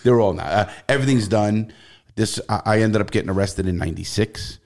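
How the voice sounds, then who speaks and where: His voice is on the low side, creaky, and fairly quick. He's a middle-aged man with a New York accent, trading casual interview stories as a podcast guest, swearing freely and staying blunt, animated, and profane.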